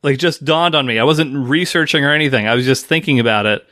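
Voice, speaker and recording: A man's voice: mid-range voice, fast, bright, forceful tone, dry recording, studio quality. A man hosting a podcast in casual chat, teasing and playful with his co-host. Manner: teasing, playful, swears freely.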